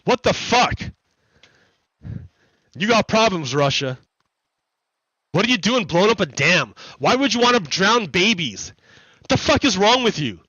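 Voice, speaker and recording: A man's voice: high voice, big pitch swings, measured pace, pauses often, pushed and bright, slightly rough, no echo, muffled recording. A man hosting a livestream, ranting heatedly in profane, repetitive commentary. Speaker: livestream host. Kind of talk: ranting commentary during a gaming stream. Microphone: streaming desk mic.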